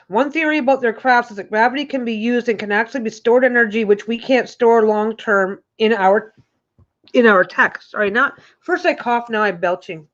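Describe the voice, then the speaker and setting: A woman hosting a casual livestream chat from her couch at home, rambling and restarting her sentences often. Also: fairly high pitch. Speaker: host. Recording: dull lo-fi recording.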